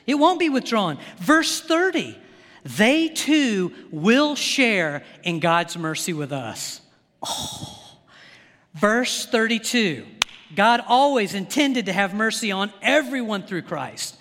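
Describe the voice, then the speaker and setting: A male pastor preaching a sermon with rising fervor, often stumbling over quick restarts as he gets worked up. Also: very high voice, very animated, fairly bright tone. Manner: impassioned, builds to fervor, rapid restarts. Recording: long hall reverb.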